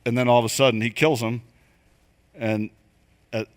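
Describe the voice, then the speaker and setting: An older man teaches a room of church group leaders in a loose, conversational way. He is animated and keeps slipping into quick acted voices and asides to make his points. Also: mid-range voice. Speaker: leadership coach. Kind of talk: church training talk. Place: church venue.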